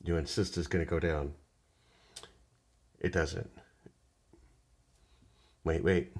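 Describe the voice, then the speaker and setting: A man's voice: low voice, slow pace, pauses often. A man casually walking viewers through a trading chart, rambling and swearing, acting out little voices as he goes. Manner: profane, rambling, animated with put-on voices. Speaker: day trading streamer. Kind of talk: casual live chart walkthrough.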